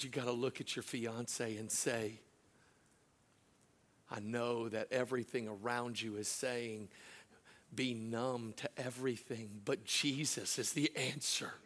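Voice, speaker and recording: A middle-aged man, a pastor, preaching a sermon through a personal story, swinging from loud laughing asides to hushed, slow moments. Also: mid-range voice, little pitch movement.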